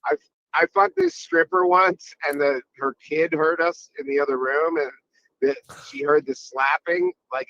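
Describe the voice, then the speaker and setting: Guest comedian, male, gravelly and lively, crude storyteller who keeps jumping into voices, dull dry audio. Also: fairly high pitch, dry recording. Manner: crude, animated storytelling with quick voice switches. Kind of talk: casual podcast chat.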